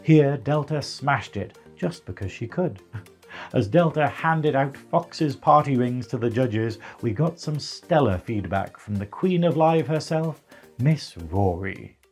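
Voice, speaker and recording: A northern English man narrates a scripted recap in a chatty, wry way. He speaks at an ordinary pitch. Faint music sits behind him. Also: lively intonation, takes it slowly, a little mellow, breathy edge. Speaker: show reviewer.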